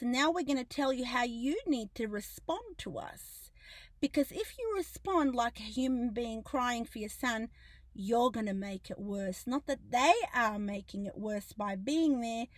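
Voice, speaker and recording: A woman's voice: fairly high pitch, fairly bright tone, no echo. A woman delivering an impassioned video monologue as an activist, speaking in an indignant, emphatic and accusing way. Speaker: activist commentator.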